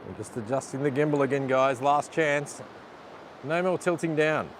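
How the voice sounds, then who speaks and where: A vlogger whose voice runs somewhat high and moderately paced is streaming live from the seaside while trying to fix a camera gimbal. He swears a lot at the equipment out of frustration and apologizes to viewers, with outdoor noise and passing traffic behind him.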